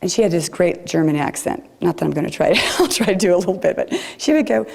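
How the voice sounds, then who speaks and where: Brief: woman preacher, gentle and reflective, low voice with a mellow tone. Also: animated, quick pace, gravelly, hardly any pauses. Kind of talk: sermon. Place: chapel.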